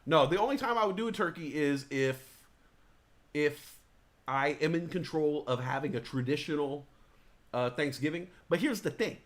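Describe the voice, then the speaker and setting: A man hosting a live talk stream, chatting casually in a rambling, excitable, profane way. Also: a little high, moderate pace. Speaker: talk show host. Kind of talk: casual chat.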